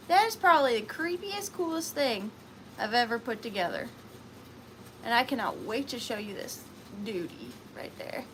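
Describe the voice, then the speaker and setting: A woman's voice: sits high, sharp tone, a little hiss or hum, rough recording. A woman from Georgia, hosting a casual livestreamed vintage and antique sale. She chats in a rambling way, laughs often and uses lots of fillers. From Georgia, USA.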